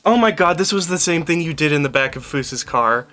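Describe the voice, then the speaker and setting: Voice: mid-range voice, animated, fairly quick, pushed and bright, soft background music. A streamer chatting casually while playing a game with friends, rambling and self-interrupting. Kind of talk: casual gameplay stream chat.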